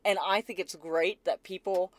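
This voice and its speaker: A woman hosting a casual podcast, bubbly and quick to laugh, often checking in with "right?". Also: fairly low pitch, steady tone, no room sound. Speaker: podcast host.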